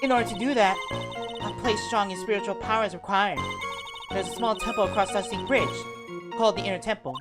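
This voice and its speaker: A woman voicing a chatty older nun who is a witness with a bad back, in a rambling, folksy way, with loud game music behind her. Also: medium pitch, fast, natural voice. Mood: explaining. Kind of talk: voiced game character.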